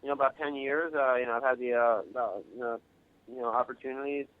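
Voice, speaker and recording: A man from Long Island, New York, a guest actor and director, talking modestly and haltingly in a casual radio interview, stumbling over restarts. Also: mid-range voice, fairly even intonation. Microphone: phone line. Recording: dry, tinny phone line.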